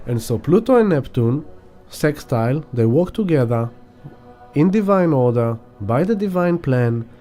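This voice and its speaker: A man's voice: medium pitch, sing-song, measured pace, dark tone, faint music behind. A man giving a rambling spiritual astrology talk, casually swearing and acting out examples. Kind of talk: spiritual teaching monologue.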